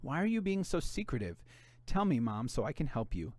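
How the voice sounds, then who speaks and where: A man's voice: medium pitch, sing-song, brisk, a little mellow, no echo, natural voice. A man reading aloud voices a worried young woman deputy who is insistently pleading with her mother for answers.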